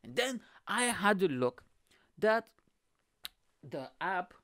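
A man's voice: high voice, slow, dry recording. Bulgarian-accented man doing comic monologue. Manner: animated storytelling, exaggerated asides. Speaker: podcast host. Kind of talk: comedic monologue.

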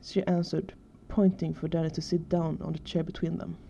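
A woman reading fan fiction aloud in a steady, even way. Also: deep voice, normal speed, creaky, a little hiss or hum. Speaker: fanfiction reader. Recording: dull lo-fi recording.

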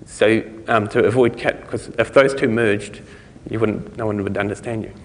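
A man's voice: on the low side, fairly even intonation, moderate pace, a little hiss or hum. A man with a New Zealand accent giving a conference talk in a loose, rambling way, with many fillers, restarts and chuckling asides. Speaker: conference speaker. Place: lecture hall. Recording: lecture hall with long reverb.

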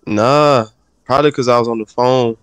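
A man's voice: mid-range voice, steady tone, normal speed, smooth, dry recording. Laid-back swearing young-sounding gamer guy. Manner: laid-back, swears a lot, laughs often. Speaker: gamer playing with a friend. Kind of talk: casual profane gaming chat.

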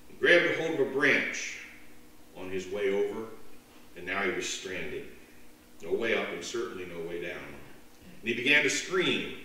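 A man preaching a sermon as pastor, with a slow, dramatic delivery. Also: lowish voice. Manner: slow, dramatic delivery with lively voiced jokes. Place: church sanctuary. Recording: echoey church from far off.

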